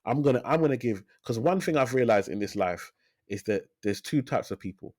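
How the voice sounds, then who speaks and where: A man in his thirties talks as a guest on an interview podcast. He tells his story with energy and drives points home by repeating phrases. His voice sits at a middle pitch, recorded close and dry. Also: animated, a little fast, darkish tone, no echo. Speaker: financial advisor, podcast guest. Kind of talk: casual interview talk.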